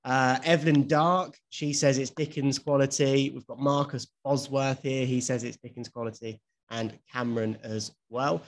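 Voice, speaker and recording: A man co-hosting a casual podcast chat, talkative and quick to laugh. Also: mid-range voice, steady tone. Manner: chatty, laughs easily. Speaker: podcast co-host.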